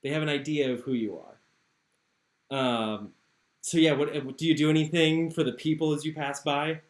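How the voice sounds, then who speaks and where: A man's voice: fairly high pitch, steady tone, moderate pace, reverberant. A man narrating a tabletop game as game master in an easygoing way, on an online call. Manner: easygoing, many fillers.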